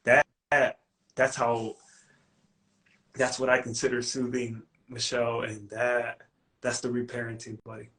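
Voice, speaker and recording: Man, coach, casual live-stream chat, slangy, restarts, mid-pitched voice. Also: flat delivery, a little slow, long pauses, fairly bright tone. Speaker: life coach.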